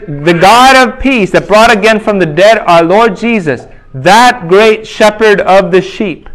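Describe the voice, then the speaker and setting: A man with a high voice preaches a sermon. He keeps asking his listeners questions and answering them himself. When he quotes scripture, he reads it slowly. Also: fairly bright tone, rough recording.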